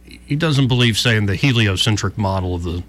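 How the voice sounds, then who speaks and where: A man's voice: lowish voice, fairly quick. A man hosting casual political talk, chatty with frequent restarts. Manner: chatty, animated, some verbal restarts. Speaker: talk radio host.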